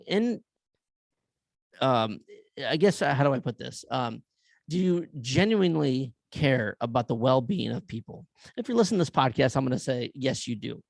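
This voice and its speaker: A man with a gravelly, slightly higher-pitched voice rants on his podcast. He talks bluntly, swears freely and piles up rhetorical questions. The sound is close and dry, with no room around it. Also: no room sound. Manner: blunt and profane, asks rapid rhetorical questions. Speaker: podcast host. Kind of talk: opinion rant.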